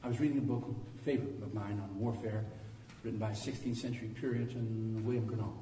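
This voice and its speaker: A pastor in his sixties preaching an animated sermon that swings from quiet talk to loud preaching, recorded in a church. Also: on the low side, fast, a little hiss or hum. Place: church sanctuary. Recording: echoey hall from far off.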